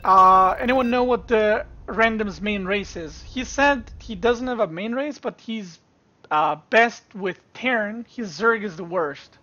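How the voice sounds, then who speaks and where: A woman's voice: mid-range voice, measured pace, bright, forceful tone. A woman streamer giving casual esports commentary, chatting straight to her viewers from a home streaming setup. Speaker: streamer and caster.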